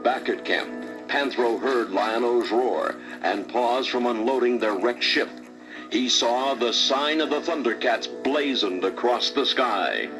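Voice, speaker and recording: A man's voice: medium pitch, unhurried, music in the background. A man narrating a children's storybook record in a dramatic read-aloud style.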